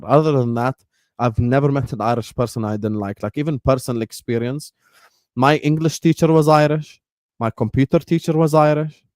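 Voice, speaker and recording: A man's voice: medium pitch, a little mellow, no room sound, studio quality. A young man hosting a livestream, chatting in a rambling, slangy way and dropping in short Arabic phrases. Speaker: livestream host. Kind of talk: casual livestream chat.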